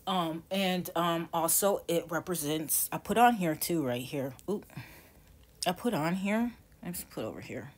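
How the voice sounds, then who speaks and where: A woman's voice: lowish voice, animated, unhurried. A woman in her forties teaching tarot casually, rambling and correcting herself as she goes. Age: 40s. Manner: rambling, self-correcting, chatty.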